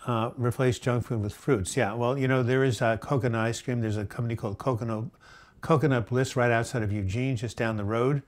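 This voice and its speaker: A man's voice: mid-range voice, fairly even intonation, a little fast. Man hosting a live viewer Q&A. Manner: chatty, reads viewer comments aloud and answers them; frequent fillers and restarts, gentle advice. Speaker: host answering viewer questions. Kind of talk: live chat Q&A.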